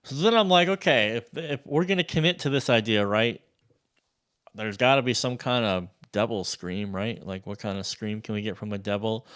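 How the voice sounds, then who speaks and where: A man demoing a sample library in a casual, excitable walkthrough, loose and swearing freely. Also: on the low side, normal speed, clear, resonant tone. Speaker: music producer reviewing a sample library.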